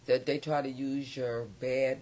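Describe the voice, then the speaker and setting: A man's voice: mid-range voice, level tone, measured pace, a little mellow. An older man who is a guest on a chat show, speaking bluntly and candidly as his thoughts jump around. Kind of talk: casual chat. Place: small studio.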